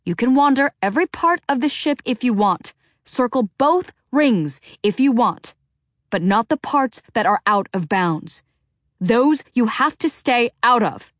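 A woman's voice: a little high, expressive, a little slow, no room sound, studio quality, voice pushed up. A woman voicing a stressed, harsh middle-aged mother who speaks in a tense, clipped way, in an audiobook. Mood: angry.

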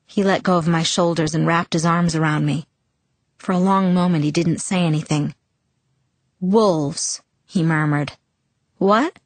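A woman reading a first-person novel aloud in calm, even audiobook narration. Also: low voice, normal speed, dry recording.

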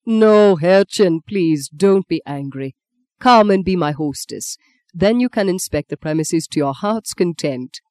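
A reader voicing Rain, a measured, wry German politician, in an audiobook. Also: animated, no echo, clean studio sound, natural voice. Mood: calm. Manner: low, measured and soft-spoken. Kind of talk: audiobook character voice.

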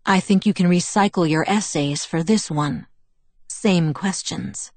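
A woman reading the part of a calm, polite young man in an audiobook, speaking in a smooth, friendly, unhurried way. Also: fairly low pitch, no room sound. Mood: serene.

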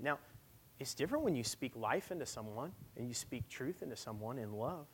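A male pastor delivers a sermon at a church service, moving between loud, emphatic lines and hushed, almost whispered ones. His mid-range voice is animated, slightly rough, and a little fast.

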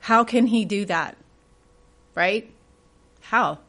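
A woman's voice: mid-range voice, takes it slowly, a bit bright. A woman leads a church Bible study in a conversational way. She puts questions to the group and reads scripture aloud with rising emphasis.

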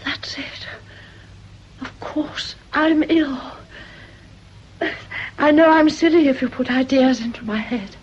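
A fragile, frightened woman in an old radio play whose voice trembles as she pleads. Her voice sits high and bright. The recording is dull and lo-fi. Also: takes it slowly, pauses often. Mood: frightened, pleading. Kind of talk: radio drama acting.

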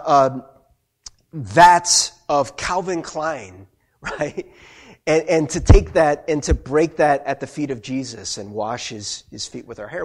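A male pastor giving a conversational sermon who keeps asking "right?" to check in with his listeners. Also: on the high side.

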